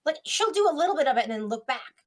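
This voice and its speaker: Woman guest, high bright voice, animated, giggly. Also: fast talker, a crowd in the background. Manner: giggly, animated, breaks into high laughing quotes. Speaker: podcast guest. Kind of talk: casual chat.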